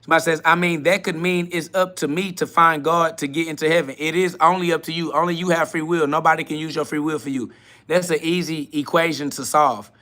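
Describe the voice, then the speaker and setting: Podcast host, male, bright slightly high voice, blunt and mocking, laughs at his chat. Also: steady tone, fairly quick, hardly any pauses. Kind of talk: live solo podcast answering chat questions.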